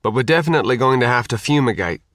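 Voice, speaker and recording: A man voicing a dry, laconic survivor clearing out a boat. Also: mid-range voice, lively intonation, very fast, a bit bright, no room sound, lightly acted.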